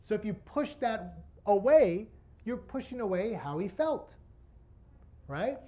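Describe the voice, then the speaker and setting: A man's voice: high-pitched, big pitch swings, takes it slowly, dark tone, a little hiss or hum. A man presenting a workshop to an audience, asking rhetorical questions as he teaches. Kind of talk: interactive teaching talk.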